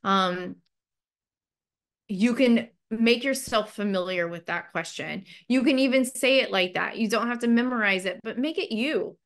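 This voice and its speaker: A woman's voice: fairly high pitch, a little slow. A woman mental health counselor giving a training webinar in a loose, conversational way, with lots of "like" and "you know" fillers.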